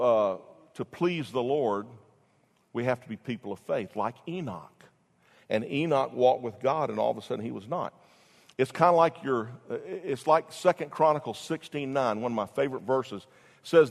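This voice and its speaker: A man preaching a sermon as pastor, rising loud for emphasis and dropping low, often restarting his phrases. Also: in a large hall.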